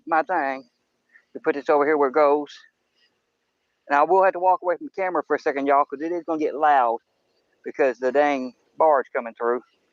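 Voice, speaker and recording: A man with a fairly high, slightly bright voice rambles in a folksy, casual way to viewers of his nighttime fishing livestream, outdoors on a riverbank beside woods. A camera-mounted microphone near the water captures dull audio with no room sound.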